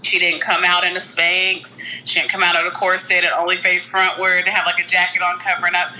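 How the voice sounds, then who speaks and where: Bright-voiced blunt joking woman. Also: lowish voice, completely flat delivery, fairly quick, rough recording. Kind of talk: casual chat.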